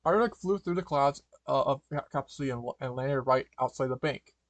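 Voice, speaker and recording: A man's voice: mid-range voice, brisk, dry recording. A man reading a fan story aloud, stumbling, restarting and correcting words as he goes. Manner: stumbling, frequent restarts and fillers. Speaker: fanfiction reader.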